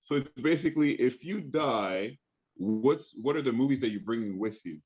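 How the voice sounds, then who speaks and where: A man's voice: medium pitch, lively intonation, moderate pace, a little mellow. Man, actor guest, eager and chatty, muffled lo-fi sound. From Canada. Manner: enthusiastic, lots of fillers and restarts. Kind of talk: casual interview chat.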